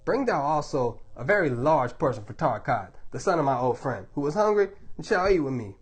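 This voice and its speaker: A man voicing a hearty older male camel trader who loudly calls to the kitchen for fresh meat, in a storybook reading. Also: on the high side, sing-song, brisk, slightly rough. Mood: boisterous. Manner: loud, commanding calls.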